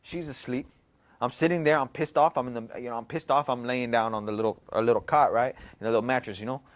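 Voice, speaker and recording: A young man casually telling a story in slangy, profane, animated talk with a lot of repetition. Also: mid-range voice, fast. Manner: slangy, profane, animated retelling with many repeats.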